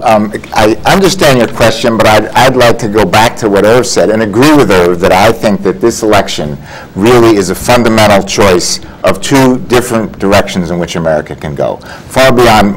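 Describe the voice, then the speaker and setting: A man with a very low voice lays out positions in a measured way as a panel guest. Faint background noise runs under him. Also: low-quality recording. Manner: measured, summarizing. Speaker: guest commentator. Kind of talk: political discussion.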